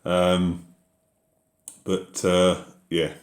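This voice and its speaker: A man's voice: sits low, monotone, extremely slow, roomy sound. A man hosting a casual live question-and-answer chat about farming, reading out viewer messages and answering them in an easygoing way.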